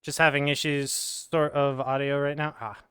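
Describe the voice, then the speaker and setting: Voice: medium pitch, level tone, moderate pace, fairly bright tone, clean tone, no echo, studio quality. A streamer in casual chat, explaining game tech details and reading chat aloud into a headset mic.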